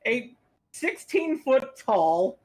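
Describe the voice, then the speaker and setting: A man chatting as a player in a tabletop game, pausing often to search for words. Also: very high voice, very animated, darkish tone.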